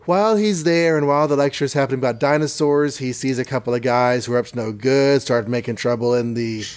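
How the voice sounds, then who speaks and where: A man's voice: mid-range voice, quick pace. Rambling man recapping a cartoon. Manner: rambling, self-correcting, jokey. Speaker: podcast host. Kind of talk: comedic episode recap.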